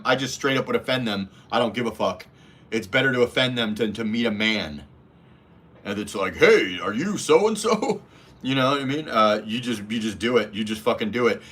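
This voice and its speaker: A man's voice: mid-range voice, fairly bright tone. Blunt, foul-mouthed man on a livestream. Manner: blunt, profane, mimics voices in anecdotes. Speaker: livestream host reading chat. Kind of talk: casual livestream chat.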